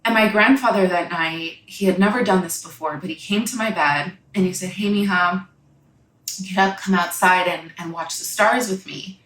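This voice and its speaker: A young woman telling a personal story in a halting, reflective way, often pausing with "like" and "you know.". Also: mid-range voice, fairly bright tone, a little hiss or hum. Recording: echoey room.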